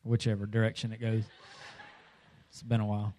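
A middle-aged man preaching a comedic sermon, animated and jokey, acting out voices with sudden loud outbursts. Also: on the low side, fairly quick, slight background noise.

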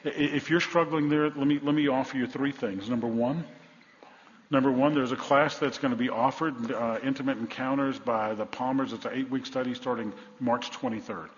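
This is an older male pastor preaching in a church sanctuary, heard with a long hall reverb and a slightly dull, muffled sound. His pitch sits at a middle level. He talks bluntly and folksily, jumping between loud calls to the congregation and hushed asides. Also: steady tone, moderate pace. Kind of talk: sermon.

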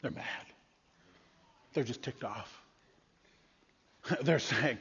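A male pastor preaching a sermon in an animated storytelling manner with emphatic bursts. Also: medium pitch, measured pace, long pauses, breathy edge. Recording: dull lo-fi sound with long hall reverb.

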